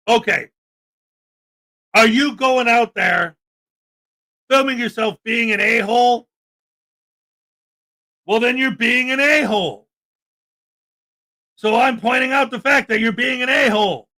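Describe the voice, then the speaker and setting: A man with a strikingly high-pitched voice rants through his livestream. His tone is bright and cutting, sarcastic and indignant as he shoots back at comments from chat. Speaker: livestream host.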